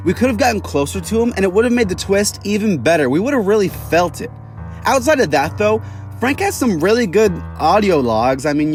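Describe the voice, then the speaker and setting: A young man hosting a casual video review, his voice sitting fairly high. He talks in a chatty, opinionated way, with light music playing behind him. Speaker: YouTube villain reviewer.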